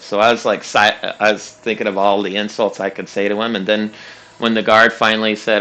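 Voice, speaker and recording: A man's voice: on the low side, little pitch movement, moderate pace, pushed and bright. Rambling, foul-mouthed young man. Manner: rambling, profane, laughing, with many fillers. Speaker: streamer. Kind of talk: casual storytelling while gaming.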